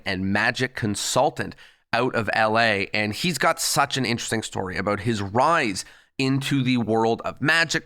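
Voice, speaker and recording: A man hosting a podcast, upbeat and chatty, with a somewhat squeaky voice. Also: pushed and bright, dry recording, studio quality. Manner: enthusiastic and chatty. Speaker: podcast host. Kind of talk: casual interview hosting.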